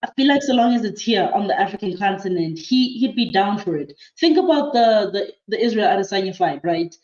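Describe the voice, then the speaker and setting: Relaxed woman in a roomy lo-fi room. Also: mid-range voice, fairly quick. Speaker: podcast guest. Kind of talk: casual sports chat. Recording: roomy, dull lo-fi sound.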